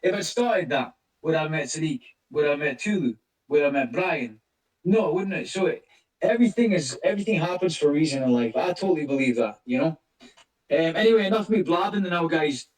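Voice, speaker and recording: Man, casual voice chat host, rambling and cursing, high voice, distant from the mic. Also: lively intonation, brisk, reverberant. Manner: rambling, swears a lot, greets listeners by name. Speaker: crypto project lead hosting a community voice chat.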